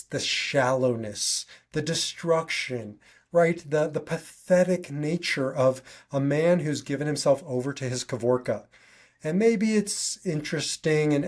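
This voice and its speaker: A man's voice: fairly high pitch, a little mellow. Earnest man hosting a solo podcast. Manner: earnest, conversational, with frequent restarts. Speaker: podcast host.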